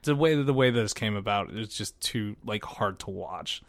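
Animated chatty man, dry close mic. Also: fairly low pitch, normal speed, no room sound. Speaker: podcast co-host. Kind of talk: casual chat.

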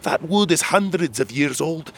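A gruff bearded ship captain barks orders in a high, strained voice, as a man puts him on. The voice carries a gravelly rasp underneath. He is a bold, loud figure from a storybook audio adventure. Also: lively intonation, normal speed, a little hiss or hum. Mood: baffled. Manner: loud, shouting commands.

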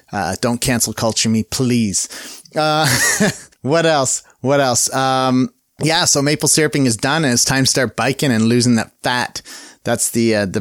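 A man's voice: mid-range voice, no room sound, studio quality. A man hosting his own podcast in a casual solo chat. He rambles in an upbeat way and often corrects himself mid-sentence. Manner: rambling and upbeat, with many fillers and self-corrections. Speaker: podcast host.

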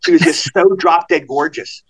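A man in his sixties from Maryland, a guest actor telling stories in a podcast interview, talking fast and excitedly, repeating words and restarting his sentences. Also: fairly high pitch, slightly rough. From Cumberland, Maryland. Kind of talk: animated storytelling in a podcast interview.

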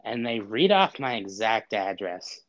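A man's voice: fairly low pitch, sing-song, measured pace. A man casually telling a story, acting out both sides of a frustrating phone call with exasperated humor. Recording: dull lo-fi audio.

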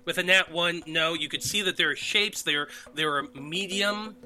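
A man narrates the scene as game master, pausing often and restarting his sentences. His voice sits a little high and sounds very bright and forceful. Soft music plays faintly behind him. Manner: halting, many ums and restarts. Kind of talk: narrating a tabletop game over voice chat.

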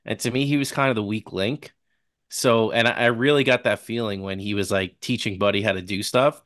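A man with a somewhat low voice, chatting casually as a podcast co-host. He laughs a lot and fills his talk with "like." The recording is dry and close. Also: fairly even intonation, fairly quick, fairly bright tone, no room sound. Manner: laughs often, uses "like" a lot. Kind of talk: casual movie-review chat.

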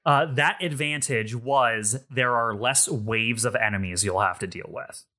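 A man narrating as game master of a tabletop mech game, pausing often with ums and uhs. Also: mid-range voice, bright, forceful tone. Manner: halting, filler-heavy narration.

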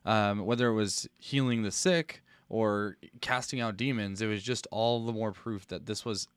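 A man co-hosting a religious talk show, answering thoughtfully with ums and pauses. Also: lowish voice, fairly even intonation, clean tone, no echo. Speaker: co-host. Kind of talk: casual discussion.

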